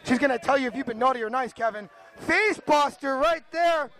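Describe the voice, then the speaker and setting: A man's voice: extremely high pitch, brisk, fairly bright tone. A man calling a wrestling match play by play, joking and teasing his partner. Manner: joking, laughs often, teases partner. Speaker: wrestling commentator. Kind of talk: play-by-play commentary.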